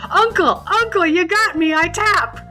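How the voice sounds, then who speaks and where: A woman's voice: very high voice, measured pace, bright, forceful tone, soft background music, voice pushed up, heavily acted. Shaggy, a woman doing a jittery drawling young slacker. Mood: panicked. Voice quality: drawling, says "like" and "man". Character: timid young man Shaggy, hungry and scared.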